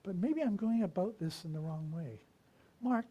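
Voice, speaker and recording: A man giving a sermon as a minister, telling stories and swinging from loud lines to whispered ones. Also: high voice, animated, moderate pace, husky.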